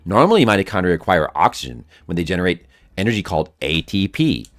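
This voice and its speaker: Man doing a nerdy game scientist, explanatory, rapid, lively pitch. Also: no room sound, studio quality. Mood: explaining. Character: nerdy male Japanese-American scientist, earnest and wordy. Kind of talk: reading game dialogue aloud in voices.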